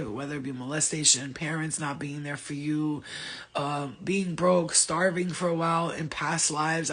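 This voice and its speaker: A man's voice: fairly high pitch, a bit bright, slightly rough. A man giving a casual motivational rant to his viewers, with a blunt, profane, rambling manner. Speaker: spiritual vlogger.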